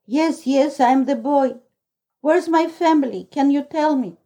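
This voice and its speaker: An eager young boy searching for his family, pressing with excited, imploring questions, as a woman reader puts him on. The voice stays slow, mellow and slightly high.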